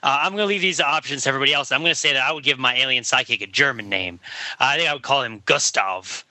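A man on a podcast panel, a bit hoarse, chatting in a jokey, digressive way. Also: mid-range voice, racing, sharp tone, no room sound. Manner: jokey, digressive, many fillers. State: slightly hoarse. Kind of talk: casual podcast chat.

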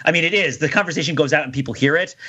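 A man's voice: fairly high pitch, racing, pushed and bright, husky. A man co-hosting a podcast, rambling in casual discussion with frequent restarts and laughs. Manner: rambling, self-interrupting, laughs often. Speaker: podcast co-host. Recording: dull lo-fi sound.

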